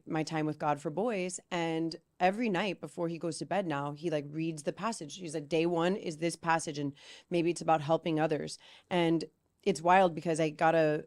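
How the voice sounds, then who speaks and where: A woman guest on a podcast, telling family stories in a casual, animated way, full of "like" and "right?". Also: deep voice. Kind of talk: casual storytelling chat.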